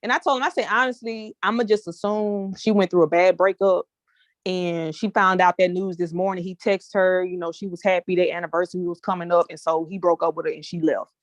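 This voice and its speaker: A woman's voice: lowish voice, fairly even intonation, brisk, dry recording. A woman leading a small group discussion, telling a casual story in a chatty way and addressing listeners as y'all. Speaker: discussion leader.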